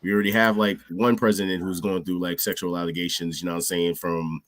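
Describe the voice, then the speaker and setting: A man's voice: low-pitched, little pitch movement, fast talker, a bit bright, no echo. A man hosting a podcast in casual chat, with a sick, wheezy voice and a slangy, laid-back way of talking. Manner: laid-back, slangy, lots of "you know what I'm saying". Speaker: podcast host.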